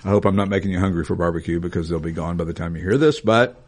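A man's voice: low-pitched, very fast. A man hosting a casual car podcast, joking and rambling, often correcting himself. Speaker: podcast host, classic car dealer. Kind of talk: casual chat.

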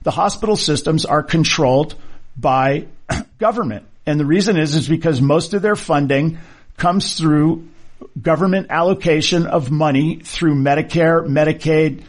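A man's voice: fairly high pitch, normal speed. A middle-aged man, a surgeon, talking casually and arguing his point with rhetorical questions. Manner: conversational, argumentative, rhetorical questions. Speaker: orthopedic surgeon. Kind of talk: casual monologue.

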